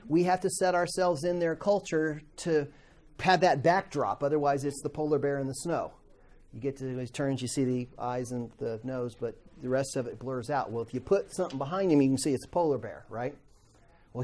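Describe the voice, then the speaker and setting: Middle-aged guy teaching bible class, kinda high voice, chatty, keeps asking the class stuff and doing little voices. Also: darkish tone. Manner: conversational, asks the class questions, acts out quoted voices.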